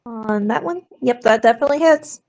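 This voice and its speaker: A woman running a tabletop game as dungeon master, calling turns in a brisk, matter-of-fact way. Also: on the high side, darkish tone.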